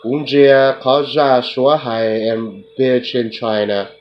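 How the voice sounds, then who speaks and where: A man's voice: mid-range voice, slow. A man in a rambling, profane monologue, talking to an unseen listener and tacking "duh" onto his sentences. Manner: repetitive, profane, tacks on "duh". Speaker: self-described remote viewer. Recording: muffled lo-fi with loud hiss.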